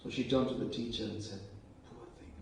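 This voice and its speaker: A man preaching a sermon, telling stories and acting out quoted lines in hushed voices. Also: lowish voice, fairly even intonation, fast talker, a little hiss or hum. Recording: very echoey hall, voice from a distance.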